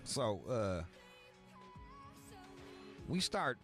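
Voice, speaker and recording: A man's voice: mid-range voice, big pitch swings, slow, long pauses, a bit bright, faint music behind. A man from Michigan telling a long, profane story in casual chat, full of asides and acted-out quotes. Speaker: podcast host.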